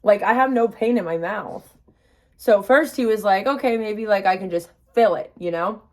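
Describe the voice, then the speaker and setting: A woman's voice: medium pitch, moderate pace. Numb-mouthed young woman vlogging. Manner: chatty, upbeat, self-reassuring. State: numb-mouthed after dental work, emotional. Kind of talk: casual vlog to camera.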